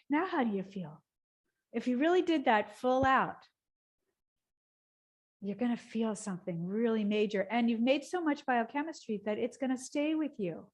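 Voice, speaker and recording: Slow, soothing woman leading yoga. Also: a little high, expressive, slightly rough. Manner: soothing and slow, breaking into loud laughter and cheers. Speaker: yoga teacher. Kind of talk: guided gentle yoga class.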